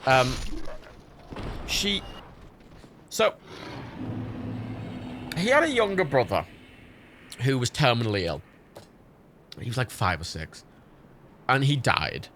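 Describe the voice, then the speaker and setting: A young man talks while he plays, his pitch swinging all over the place as he rambles and swears. His tone is bright and forceful, with a faint hiss under the voice. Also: very animated, slow pace, long pauses. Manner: rambling, swearing, laughing storyteller. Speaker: livestream gamer. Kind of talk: casual gaming stream chat.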